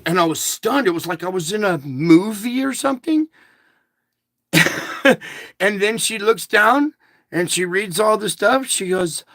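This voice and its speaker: A man's voice: sits high, animated, a little slow, pauses often, a bit bright, dry recording. A man in his fifties talking to his viewers in a rambling, emphatic rant, often checking in with "okay?". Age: 50s. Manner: emphatic, ranting, addresses listeners with "okay?". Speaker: vlogger.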